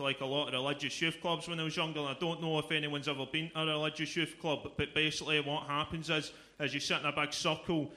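A young man with a Glaswegian accent performing a stand-up comedy set, delivering jokes in a dry, deadpan manner. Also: on the high side. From Scotland. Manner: deadpan delivery, breaks into loud exaggerated shouting for punchlines.

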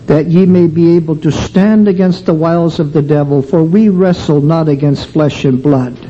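A man preaching a sermon, slow and emphatic, drawing out his phrases. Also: sits high, mellow. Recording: dull lo-fi recording with faint hum.

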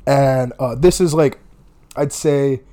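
A young man casually telling a long, rambling, profane story about a rough night. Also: mid-range voice, slow pace, warm tone. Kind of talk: casual chat.

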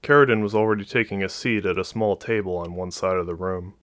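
Low-voiced male audiobook narrator. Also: fast, fairly bright tone, dry recording.

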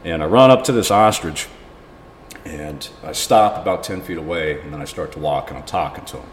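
A man's voice: very deep voice, fairly quick. A man guesting on a podcast, telling a rambling story casually and often laughing. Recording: reverberant room with faint noise.

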